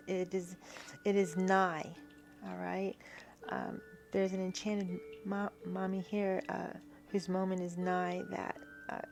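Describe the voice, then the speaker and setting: A woman giving a spiritual tarot reading to her viewers. She talks haltingly, repeats herself and often checks in with "right?". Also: medium pitch, creaky. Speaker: tarot reader.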